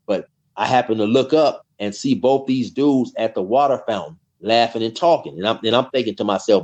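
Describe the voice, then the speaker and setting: A man's voice: fairly low pitch, fairly quick, hardly any pauses, darkish tone. A middle-aged man, a guest in an interview, tells long stories in a casual, rambling way, often saying "you know" and repeating words. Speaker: guest telling prison stories. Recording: dull lo-fi sound.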